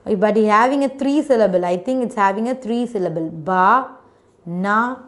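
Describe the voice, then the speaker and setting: A woman's voice: fairly high pitch, fast. A woman teacher giving a phonics lesson to children, patiently sounding out words syllable by syllable in non-native English phrasing.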